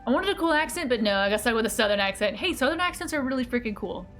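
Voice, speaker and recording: An American woman streaming a game, chatting casually and excitably with viewers and laughing often. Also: fairly high pitch, rapid-fire. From United States. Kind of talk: casual live-stream chat while gaming. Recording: game music behind the voice.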